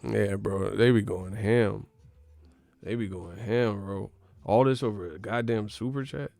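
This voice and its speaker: Profane man ranting, loud then whispering. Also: lowish voice, measured pace, vocal fry, dry recording. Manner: swings between loud outbursts and hushed whispers, profane. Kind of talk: comedic rant.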